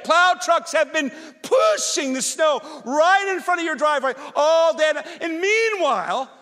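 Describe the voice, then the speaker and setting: A male pastor with a very high voice preaches through an animated personal story, swinging between loud rants and quiet, earnest reflection. The recording has a long hall reverb.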